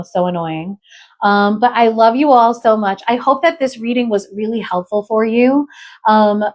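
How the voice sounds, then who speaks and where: A woman's voice: medium pitch, darkish tone. A woman reading tarot cards aloud in a loose, chatty flow. She breaks in with exclamations and keeps asking "okay?" as she explains each card. She sounds a little under the weather. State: unwell. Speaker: tarot reader.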